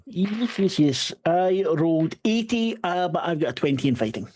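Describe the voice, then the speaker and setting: A man's voice: a little high, expressive, moderate pace, darkish tone. A man playing a tabletop game, teasing and stubbornly arguing in a playful way. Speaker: player. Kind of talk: casual banter in a tabletop game.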